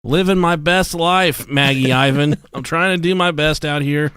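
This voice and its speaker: A man's voice: on the high side, moderate pace, a bit bright, smooth, dry recording. Crude joking man, dry close sound. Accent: Ohio. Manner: crude, joking, profane banter. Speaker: podcast co-host. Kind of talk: casual chat.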